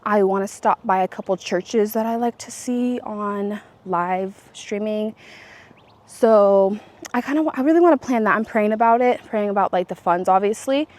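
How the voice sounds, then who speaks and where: A young woman talks straight to her viewers in a loose, rambling vlog chat. She strings her thoughts together with plenty of likes and restarts. Her pitch sits right in the middle for a woman. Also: normal speed, a little mellow. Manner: chatty and rambling, full of likes and self-corrections. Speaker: vlogger. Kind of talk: casual chat to camera.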